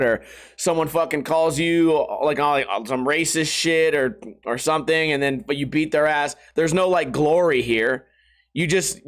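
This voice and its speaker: A man's voice: fairly high pitch, a bit bright. A man hosting a podcast with a sore throat, telling stories in a casual, rambling, profane way. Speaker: podcast host. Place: home. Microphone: camera, sitting at a desk.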